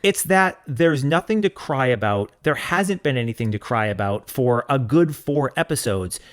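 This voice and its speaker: A man's voice: mid-range voice, lively intonation, moderate pace. A man co-hosting a podcast, in casual chat, ranting in an emphatic, mock-stern way. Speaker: podcast co-host.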